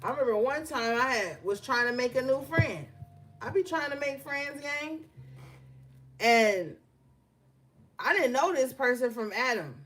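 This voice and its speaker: A woman's voice: high-pitched, animated, unhurried, pauses often, a bit bright. A woman doing a casual tarot reading, blunt and profane, telling stories between the cards she draws. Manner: blunt, profane, conversational with slang. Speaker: tarot reader.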